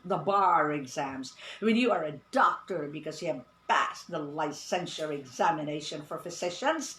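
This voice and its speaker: Woman English tutor, emphatic and animated, in a roomy space. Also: sits low. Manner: emphatic, repeats "no, no" when correcting. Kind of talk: radio-style online English lesson. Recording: echoey room with faint ambient noise.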